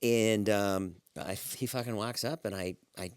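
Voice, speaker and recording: Podcast co-host, middle-aged man, very low voice, dry close sound, lively storyteller who swears. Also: normal speed, clear, resonant tone, dry recording. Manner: animated storyteller, acts out voices, swears freely. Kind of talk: casual chat, storytelling.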